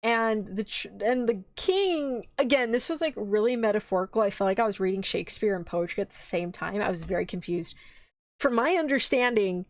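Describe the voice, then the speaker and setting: A young woman streamer chatting casually about an anime's story. She rambles in an animated way, slipping into quick voices for the characters and swearing offhandedly. Her voice sits at a middle pitch and sounds dry and close to the mic. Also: no echo. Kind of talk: casual chat, retelling an anime plot.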